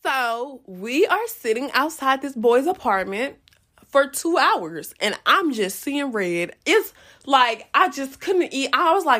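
A woman's voice: high-pitched, slow. A young woman casually telling a profane storytime straight to her viewers. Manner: animated, profane, addresses viewers as y'all.

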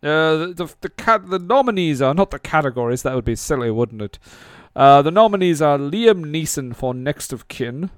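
Man doing a pompous elderly British actor, put-on British accent, smooth voice, dry sound. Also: on the high side, expressive, normal speed, dry recording, lightly acted. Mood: indignant. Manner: pompous, stammering. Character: impression of an elderly British actor, fussy and indignant.

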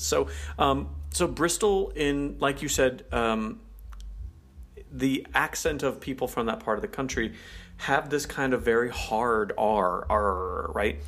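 A man co-hosts a relaxed conversation. He explains things in a chatty, meandering way, leaning on fillers like "like" and "um.". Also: mid-range voice. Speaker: co-host. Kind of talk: casual chat explaining culture.

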